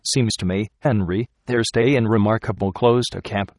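A weary trail driver out in the frozen wilds, as a man reads him aloud, grave and insistent in his rough backwoods talk. The voice sits low. The sound is dry and close, with no room around it. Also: steady tone, normal speed, darkish tone, dry recording, natural voice. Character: weary male frontier trail driver, uneasy.

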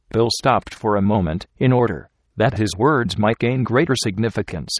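Man, audiobook narration, steady, measured, low voice, dry close sound. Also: breathy edge, no room sound. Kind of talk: scripted narration.

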